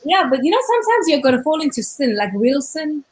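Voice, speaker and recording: Fast-talking woman with an accent, chatting. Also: high voice, poor audio. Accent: non-native English accent. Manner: talks fast and rolls her R's when excited. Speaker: co-host. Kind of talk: casual chat.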